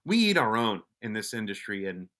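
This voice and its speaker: A man with a lowish, bright, forceful voice speaks briskly and very animatedly as a podcast guest. A police officer and wellness advocate, he casually recounts stories from his police career, swearing freely, being blunt, and often starting sentences over.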